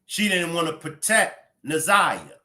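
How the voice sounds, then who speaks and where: Male commentary host, scolding and profane, slow deliberate pace, very animated. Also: a little high. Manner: blunt and profane, scolding outbursts. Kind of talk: heated commentary.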